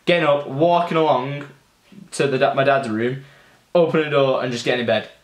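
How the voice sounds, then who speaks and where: A man's voice: mid-range voice, fairly quick. A young man, telling childhood stories in a chatty, loose way, swearing now and then. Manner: chatty, loose, swears freely, many fillers. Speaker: gaming vlogger. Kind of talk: casual storytelling. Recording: echoey room.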